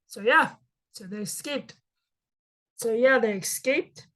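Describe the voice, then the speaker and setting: A woman reads a Bible story aloud and then retells it in her own casual words. She talks slowly with plenty of fillers and restarts, in a fairly high voice. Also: fairly bright tone, poor audio. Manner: halting, many fillers and restarts.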